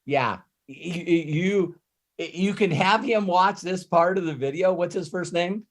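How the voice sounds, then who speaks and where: Middle-aged male coach, lively anecdotal delivery, a touch high-pitched. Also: unhurried. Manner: animated storyteller who laughs and acts out quotes. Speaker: host and business coach. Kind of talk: live coaching call.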